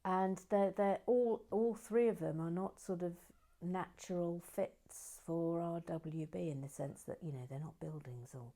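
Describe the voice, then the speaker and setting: A woman with a slightly low voice chats casually to her livestream viewers as she builds. She rambles, restarts her sentences, and often drops to a quiet murmur. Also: unhurried, hardly any pauses. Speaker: livestream host building LEGO sets.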